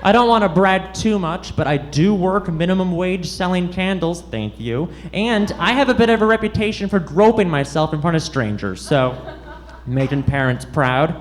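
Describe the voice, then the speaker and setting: A man's voice: high voice, expressive, normal speed. A man doing a stand-up set on a comedy club stage, awkward and self-deprecating, stumbling over his lines on purpose. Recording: live club with loud audience noise.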